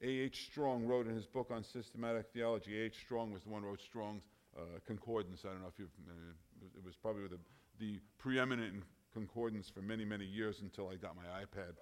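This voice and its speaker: A man preaching a sermon, emphatic, often rising in loudness and then dropping low. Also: fairly even intonation, brisk.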